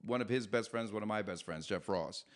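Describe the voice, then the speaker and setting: A middle-aged man, a comedian, talking as a podcast guest, with animated, self-deprecating storytelling. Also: lowish voice, fairly quick. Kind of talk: podcast conversation.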